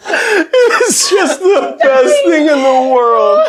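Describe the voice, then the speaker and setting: A man's voice: very high voice, big pitch swings, extremely slow, over a noisy crowd. A man hosting a casual chat, telling a funny story with lots of laughter. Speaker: host.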